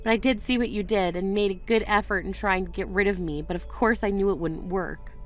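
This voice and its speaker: A woman's voice: mid-range voice, brisk, soft background music, close to an everyday voice. A woman voicing a wronged young bride in a texting story, indignant and firm. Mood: cold.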